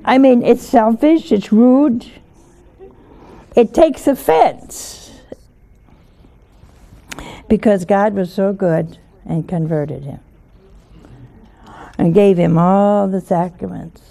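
A woman's voice: medium pitch, slow, vocal fry, pauses often, dark tone. A woman giving an informal sermon in a folksy way, often asking her listeners rhetorical questions. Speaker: religious teacher.

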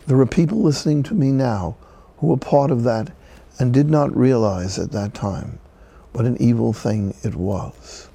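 A male priest delivers a broadcast sermon in a gravelly, husky voice. His tone is dark and mellow, and he moves slowly and deliberately through his stories. At key moments he drops to a near-whisper for emphasis. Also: medium pitch. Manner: slow, deliberate, with hushed emphasis.

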